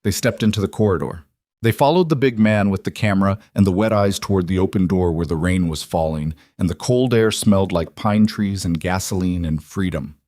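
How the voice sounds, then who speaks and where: A man reading a scripted dramatic story in a measured, somber way. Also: deep voice, darkish tone, no room sound, studio quality. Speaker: narrator.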